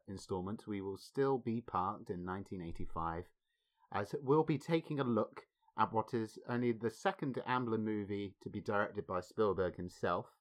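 A man co-hosting a film podcast, speaking in a measured way and chuckling often. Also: low voice, fairly bright tone. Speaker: podcast co-host. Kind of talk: casual film discussion.

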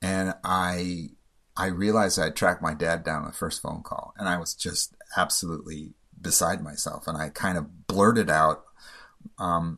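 A man telling a personal story in a halting, emotional way, often stumbling and repeating himself. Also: low voice, fairly even intonation, vocal fry, bright, forceful tone.

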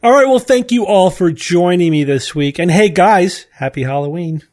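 A man's voice: high voice, animated, normal speed, a little mellow. A man hosting a podcast, explaining things in casual panel chat and often restarting his sentences. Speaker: podcast host.

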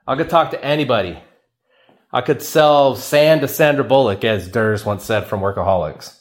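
A man's voice: medium pitch, animated, moderate pace. A man hosting a casual solo podcast, rambling and joking, laughing often and calling listeners "man" and "baby.". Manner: playful, says "man" and "baby" a lot. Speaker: podcast host.

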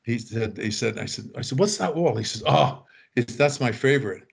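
A man's voice: mid-range voice, lively intonation, normal speed, creaky, breathy edge. An older man telling rambling anecdotes in casual chat, acting out quoted voices and chuckling. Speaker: author telling stories.

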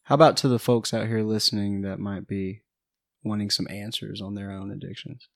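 A man hosting an interview, reacting calmly and asking the guest questions. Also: fairly low pitch, normal speed, vocal fry, no echo, studio quality. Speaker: host.

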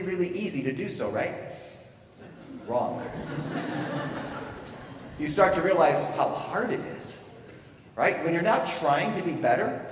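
A middle-aged man preaching a sermon, telling stories with lively acted-out quotes. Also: a little high, recorded from a distance, slight background noise. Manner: animated storytelling with playful acted quotes. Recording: echoey hall, speaker away from the mic.

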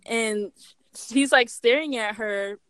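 A woman's voice: on the high side, takes it slowly, fairly bright tone, clean tone, dry recording. A woman co-hosting a podcast, casually recapping a story and quoting the characters. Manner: chatty, quotes characters with laughs. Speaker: podcast co-host.

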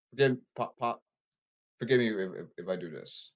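A man ranting on his own podcast, repeating himself and calling people out, swinging from apologetic mutters to shouts. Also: on the low side, animated, normal speed. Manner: repetitive, emphatic, calling people out. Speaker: podcast host. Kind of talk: rambling solo podcast rant.

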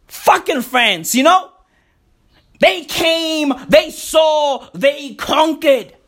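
A woman's voice: high-pitched, expressive, extremely slow, fairly bright tone. A woman delivering a profane comic rant, emphatic and repetitive, swearing heavily and calling the listener "bro".

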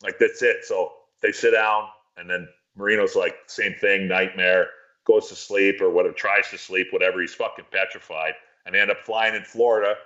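A man's voice: sits low, steady tone, normal speed, pushed and bright, highs cut off. A man casually telling a long, profane, rambling story on a podcast.

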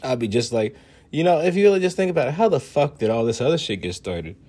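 Man, husky voice, mid pitch, casual boastful rant, swears a lot, laughs often. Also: very animated, quick pace, dark tone.

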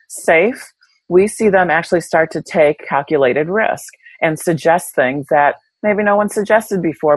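A woman's voice: sits low, no echo, rough recording. A woman guest in an interview, telling stories candidly and reflectively, with many fillers and restarts. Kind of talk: conversational interview.

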